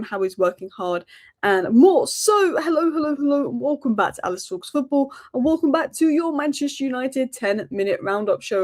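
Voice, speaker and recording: A woman hosting a daily football news roundup, talking rapid-fire and opinionated. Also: fairly high pitch, darkish tone. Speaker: football channel host.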